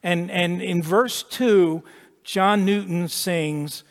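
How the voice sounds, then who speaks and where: High-voiced preacher in an echoing hall. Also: male voice, very slow, gravelly. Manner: emphatic, repeats words, drops to a hush at key points. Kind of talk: sermon. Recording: long echo of a large hall.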